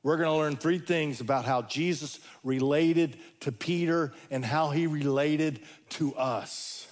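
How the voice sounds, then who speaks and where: A male preacher delivering a sermon, telling stories with folksy humor and dramatic pauses. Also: fairly high pitch.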